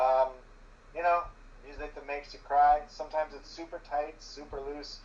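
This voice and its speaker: Rambling guest on a distant, dull mic. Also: male voice, mid-range voice, steady tone, normal speed, a little mellow, a little hiss or hum. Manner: enthusiastic, rambling, heavy with filler words. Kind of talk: casual chat.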